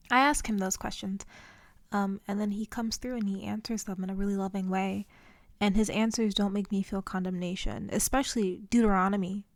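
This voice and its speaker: A woman's voice: mid-range voice, fairly even intonation, brisk, no room sound. A young woman vlogging in an earnest, chatty way about her faith, with many fillers. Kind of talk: casual faith vlog talk.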